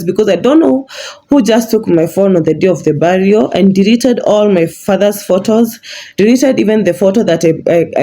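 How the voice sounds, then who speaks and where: A woman, telling a personal story as a vlogger in a halting way, often restarting her words. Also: medium pitch, warm tone.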